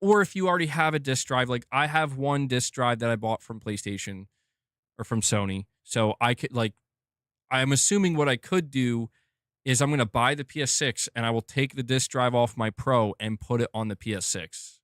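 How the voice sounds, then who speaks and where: A man's voice: medium pitch, moderate pace, fairly bright tone, no room sound, clean studio sound. A man hosting a gaming news stream, ranting casually and with exasperation, swearing and rambling.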